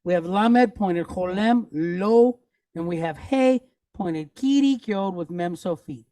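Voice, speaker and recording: Slow, patient man teaching Hebrew reading. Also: sits high, warm tone, dry recording. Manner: patient, repeats words slowly for students. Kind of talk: classroom teaching.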